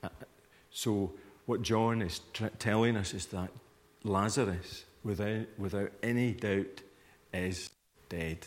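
A man preaching a sermon in a low, conversational voice. He keeps asking listeners to picture themselves in the scene, and a long hall reverb trails after each phrase. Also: fairly even intonation, takes it slowly. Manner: conversational, invites listeners to imagine the scene, acts out reactions.

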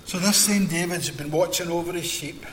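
A man's voice: on the high side, normal speed, slight background noise. A Scottish man preaching a sermon in a conversational storytelling manner, in a large hall or church. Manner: storytelling, conversational, acts out Bible scenes. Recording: echoey hall with long reverb.

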